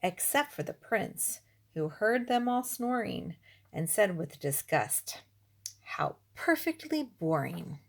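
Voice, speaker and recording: A woman reading a rhyming children's storybook aloud with an expressive, rhythmic delivery. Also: mid-range voice, slow. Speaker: reader.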